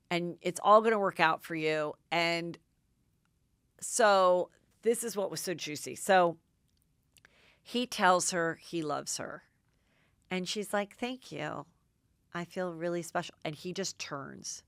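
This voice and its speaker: A middle-aged woman hosting a podcast, recapping gossip in an excitable, chatty way with lots of "like". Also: lowish voice, unhurried, clear, resonant tone, no echo, studio quality. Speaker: podcast host. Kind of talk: casual gossip commentary.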